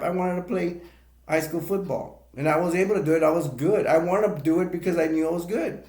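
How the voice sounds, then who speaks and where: A man's voice: fairly high pitch, fairly quick, a little mellow. A man rambling emotionally through tears in a live stream monologue, repeating himself as he talks. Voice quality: gravelly. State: crying. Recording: echoey room.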